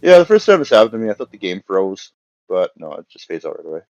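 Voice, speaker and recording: A young man giving rambling, casual commentary over a game, acting out the characters' lines in quick bursts. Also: on the low side, sing-song, a little mellow, muffled recording, slight background noise. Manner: rambling, filler-heavy, acts out characters' lines. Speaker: let's play commentator.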